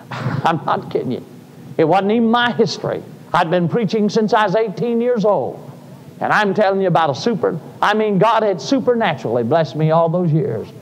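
A man's voice: high-pitched, animated, normal speed, slight background noise. An older man, preaching a sermon in a folksy storytelling way that rises to fervent cries. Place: church sanctuary. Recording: live sermon in a reverberant church.

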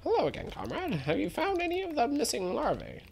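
A woman's voice: sits high, huge pitch swings, brisk, vocal fry, darkish tone, a little hiss or hum, pitched above the performer's own voice, full character voice. A woman voicing an earnest, harried worker ant who speaks formally and calls everyone comrade.

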